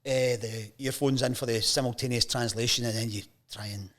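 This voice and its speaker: A man's voice: mid-range voice, fairly quick. A Scottish man in his fifties, a sports journalist guest on a chat show, telling stories casually and acting out the voices of the people in them. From Scotland. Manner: lively anecdotes, acts out quoted voices. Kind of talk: casual storytelling interview.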